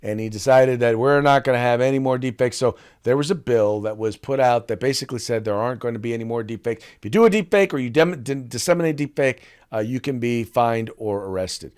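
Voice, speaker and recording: A male podcast host giving casual political commentary and sponsor reads. He talks in a loose, teasing way, full of restarts and asides. His voice sits at an ordinary middle pitch. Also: a little fast, few pauses, a little mellow, smooth.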